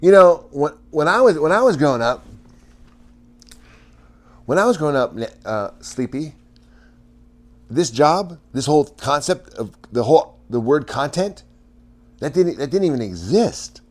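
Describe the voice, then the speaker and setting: A man's voice: fairly high pitch, sing-song, a little slow, long pauses. A man hosting a casual livestream, chatting with viewers in a rambling way, often stammering, restarting and laughing.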